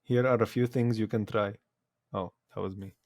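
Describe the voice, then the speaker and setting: A man's voice: fairly low pitch, steady tone, moderate pace, a little mellow, no room sound. Jokey young man, dry close sound. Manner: jokey, laughs often. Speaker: podcast co-host. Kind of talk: casual chat.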